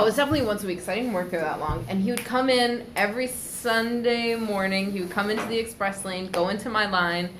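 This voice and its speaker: A woman's voice: mid-range voice, fairly bright tone. A woman telling chatty anecdotes full of "like" in casual chat as co-host. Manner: chatty, lots of fillers like "like". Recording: echoey room with faint noise.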